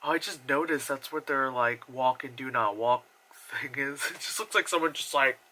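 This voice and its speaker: A man's voice: medium pitch, normal speed. A young man from New Jersey with an American accent, doing casual, profane voice-over commentary on his own travel footage and laughing often. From New Jersey, USA. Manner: casual, swears freely, laughs often, animated impressions. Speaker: vlogger.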